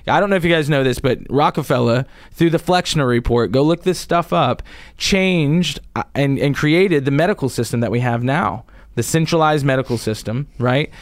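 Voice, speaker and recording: A man's voice: mid-range voice, normal speed, hardly any pauses, dry recording, clean studio sound. A man hosting a casual political commentary show, rambling with many restarts and frequent chuckles. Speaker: show host presenting a topic.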